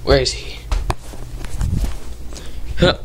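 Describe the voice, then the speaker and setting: A man's voice: extremely slow, a little hiss or hum. A young man vlogging casually, rambling and upbeat as he talks straight to his viewers from home and then his front yard. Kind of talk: casual vlog chat.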